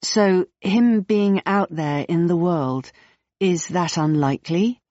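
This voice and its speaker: A polite, nervous young woman asking careful questions, as an audiobook reader voices her. The voice sits higher and a touch tentative. The recording is dry and slightly muffled. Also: slow pace, dark tone, no echo. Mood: inquisitive. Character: nervous, inquisitive young woman searching for someone.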